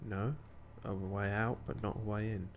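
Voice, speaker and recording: A man's voice: lowish voice, fairly even intonation, normal speed, vocal fry, a little hiss or hum. Dry-muttering man playing a game. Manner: dry, muttering, sarcastic self-talk. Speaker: game streamer. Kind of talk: casual let's-play commentary.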